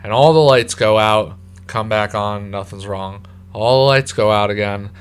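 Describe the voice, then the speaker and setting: A man's voice: on the low side, normal speed, clean tone. A young man co-hosting a casual chat, describing a haunted attraction in a laid-back way with lots of fillers. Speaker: co-host.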